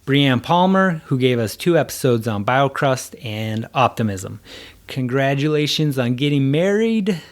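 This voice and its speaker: A man's voice: medium pitch, unhurried. A man from the hosting a podcast, chatting loosely with a guest and laughing easily, then reading out thanks. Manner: relaxed, laughing, loosely phrased. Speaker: podcast host. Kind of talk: casual interview chat and outro.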